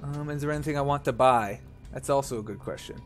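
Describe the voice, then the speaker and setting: Canadian guy, let's play commentary, self-mocking, medium pitch, faint game music. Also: fast talker. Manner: chatty, self-mocking, giggly.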